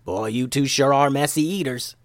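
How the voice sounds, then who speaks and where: A man's voice: medium pitch, moderate pace, no echo, studio quality, voice pushed up, close to an everyday voice. A man voicing an easygoing male ninja master with a folksy drawl. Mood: joking.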